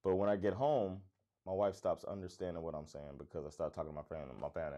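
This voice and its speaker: Low-pitched and warm, his voice holds a steady tone while he talks fast. This middle-aged comedy club owner from Florida hosts a casual livestream, chatting with viewers and reading their comments with an upbeat, relaxed vibe. His accent is neutral American with a slight Florida lilt, and he laughs readily and uses "man" often.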